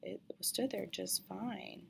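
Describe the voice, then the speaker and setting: A woman telling a personal story in a halting way, often dropping to a breathy half-whisper. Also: medium pitch, slight background noise.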